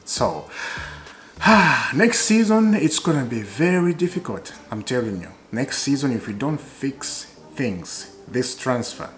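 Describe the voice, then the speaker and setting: Male football vlogger, passionate and repetitive, mid-pitch voice, faint music under him. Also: big pitch swings, slow pace. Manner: emotional, repetitive, swings between loud and quiet. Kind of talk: casual fan commentary to camera.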